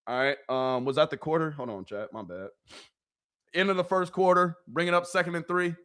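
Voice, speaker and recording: A man hosting a live watch party. He gives excited fan commentary on a football game, laughs often, and keeps talking to his chat. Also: on the high side, fairly quick, clear, resonant tone.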